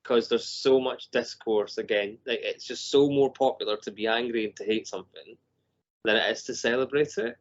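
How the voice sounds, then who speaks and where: A man's voice: medium pitch, moderate pace. A man, a filmmaker guest, talking casually on a podcast, chatty with frequent laughs and restarts. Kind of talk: casual chat. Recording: dull lo-fi podcast audio.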